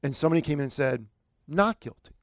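A man's voice: on the high side, animated, fast talker, no echo, studio quality. A man preaching a sermon in a conversational way, building to emphatic, rising bursts. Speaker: pastor.

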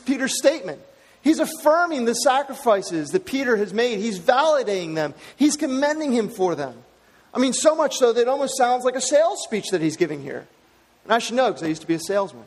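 A man's voice: high voice, big-room sound. A man preaching a sermon as pastor, emphatic and repeating his key phrases for weight.

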